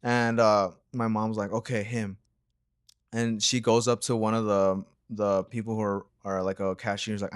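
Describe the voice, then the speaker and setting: A man's voice: fairly low pitch, level tone, normal speed, clear, resonant tone, no room sound, studio quality. A young man co-hosting a reaction channel, telling a story in a laid-back, rambling way full of slang and fillers. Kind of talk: casual storytelling chat.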